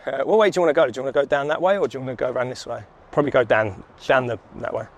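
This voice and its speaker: A man's voice: mid-range voice, very fast. A man, telling his story in casual chat while walking down a city street, laughing and swearing freely. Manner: laid-back, swears freely, laughs often. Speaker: vlogger, sales coach. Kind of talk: casual walk-and-talk storytelling.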